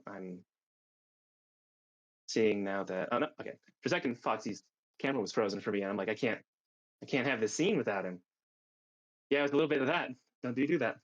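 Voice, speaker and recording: Halting man running a tabletop game. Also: medium pitch, creaky, muffled recording. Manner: halting, many fillers and restarts. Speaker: game master. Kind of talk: narrating a tabletop game stream.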